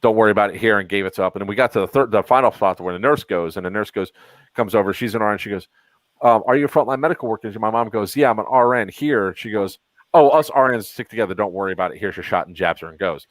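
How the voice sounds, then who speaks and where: Low-voiced exasperated man telling a story. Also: quick pace, no echo, rough recording. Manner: exasperated storytelling, retelling dialogue. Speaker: podcast host. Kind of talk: casual chat.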